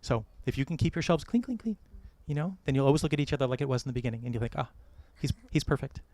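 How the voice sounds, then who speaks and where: American male wedding officiant, middle-aged, quick and dry-miked, playful advice-giver. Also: mid-range voice, dry recording. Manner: warm joking advice, gentle storytelling. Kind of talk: wedding ceremony address. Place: outdoor or hall wedding ceremony.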